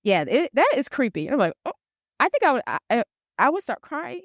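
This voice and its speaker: A woman co-hosting a podcast, recapping a movie in casual chat, animated and swearing as she acts out the characters. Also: sits high, quick pace, dry recording, studio quality. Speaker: podcast co-host.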